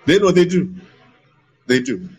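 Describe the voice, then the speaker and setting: A man's voice: high-pitched, very animated, unhurried, a little mellow, slightly rough, poor audio. A man, a guest in an interview, talking emphatically and repeating his points for stress. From Nigeria. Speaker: voice acting guest. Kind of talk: conversational interview.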